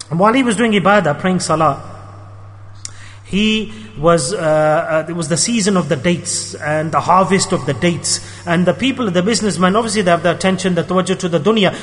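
A man preaches with urgency and emphasis, driving points home by repeating his phrases. His voice sits high and rolls fast. It carries a long reverb, as in a big hall. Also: fairly bright tone. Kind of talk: sermon.

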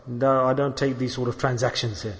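A man voicing a dismissive male shopkeeper who curtly sends a poor customer away, in a lower, quieter voice than his own. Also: little pitch movement, brisk, close to an everyday voice. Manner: curt, brushing someone off. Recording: long hall reverb.

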